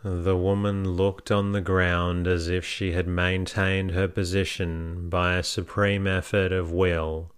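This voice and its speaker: A man with a very low, smooth voice reads a classic novel aloud as a sleep story. He takes his time, with a calm, even delivery, and barely acts the quoted lines. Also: takes it slowly, few pauses. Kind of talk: slow scripted narration.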